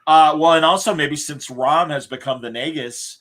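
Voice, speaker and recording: A man hosting a podcast who gives rambling, opinionated and animated reviews in casual chat. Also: a little high, moderate pace. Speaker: podcast host.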